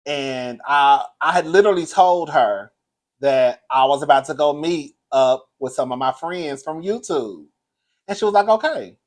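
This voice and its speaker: A man's voice: a little high, unhurried. A man hosting a casual live stream, chatty and campy, laughing often, grieving a loss. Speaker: commentary channel host.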